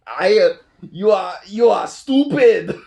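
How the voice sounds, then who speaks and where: A man doing a loud, boastful cartoonish supervillain, pitched up well above his own voice and strained in tone. He hams it up, gloating and laughing through each line. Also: expressive, takes it slowly, vocal fry, exaggerated voice. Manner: hammy, over-the-top, laughing through it.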